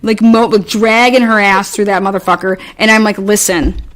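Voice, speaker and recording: A woman's voice: mid-range voice, fairly even intonation, moderate pace. A woman co-hosting a podcast, telling a story in a rambling, exasperated way, swearing freely and restarting often. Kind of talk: casual storytelling chat.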